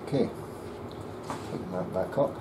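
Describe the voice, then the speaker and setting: A man's voice: deep voice, unhurried, heavy background noise. Muttering man at a workbench. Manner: muttering to himself while working. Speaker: luthier. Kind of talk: workshop commentary. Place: workshop.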